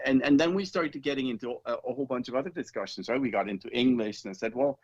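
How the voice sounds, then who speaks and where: A man's voice: mid-range voice, quick pace, lo-fi sound. A man being interviewed as an author, talking in a chatty, rambling way with laughs. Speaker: author, guest. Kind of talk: casual interview chat.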